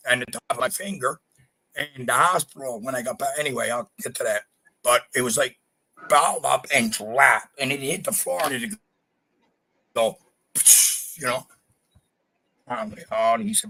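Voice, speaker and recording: Man, from Canada, bright forceful voice, profane blunt storytelling, podcast guest. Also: medium pitch, moderate pace, low-quality recording. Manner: profane, blunt, animated retelling. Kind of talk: storytelling in casual chat.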